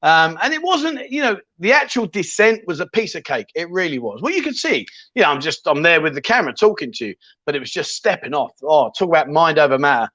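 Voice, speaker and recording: A man's voice: on the high side, big pitch swings, brisk, few pauses, fairly bright tone, no room sound, highs cut off. A man hosting a casual livestream, chatting loosely and reading viewer comments with plenty of ums and restarts. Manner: chatty, rambling, jokey, with many ums and restarts. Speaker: livestream host.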